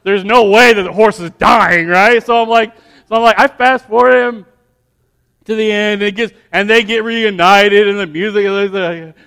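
A man's voice: sits high, steady tone, moderate pace, creaky, fairly bright tone, clean tone, in a large hall. A pastor preaching a sermon, telling a rambling family story with many restarts before he builds to emphatic preaching.

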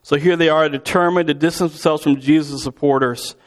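Man, somewhat high voice, casual sermon delivery, storytelling preacher. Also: fairly even intonation, brisk. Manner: conversational, storytelling with acted-out quotes. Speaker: pastor.

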